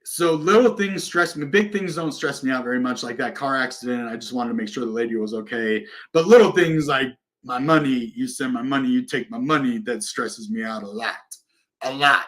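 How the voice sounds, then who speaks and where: A man hosting a crypto channel who talks to viewers in a casual, passionate way, often jumping from loud bursts to quiet asides. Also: medium pitch, brisk. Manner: excited, passionate, swings between loud and quiet. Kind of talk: casual livestream talk.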